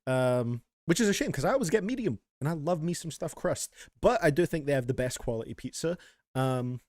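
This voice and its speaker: A man talking casually as a streamer reacts to music, his voice sitting a little high and swinging up and down with excitement. He thinks out loud and fills pauses with little "um"s. The sound is close and dry, with no room around it. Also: dry recording. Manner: animated, thinking aloud with fillers.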